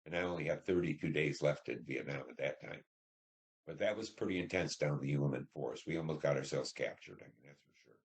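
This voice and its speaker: An older man in his seventies with a low, deep voice recalls his war service in a plain, unhurried telling. He acts out the lines of the people in his stories as he speaks. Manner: plain storytelling, acts out dialogue. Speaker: Vietnam War veteran interviewee. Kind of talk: oral history interview.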